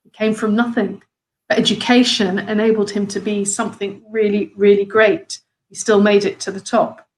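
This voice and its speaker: A woman's voice: mid-range voice, flat delivery, normal speed, low-quality recording. A middle-aged woman, a former head teacher, talking earnestly and thoughtfully about a Torah story that means a lot to her, with many fillers and restarts. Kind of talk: personal reflective talk on a Torah story.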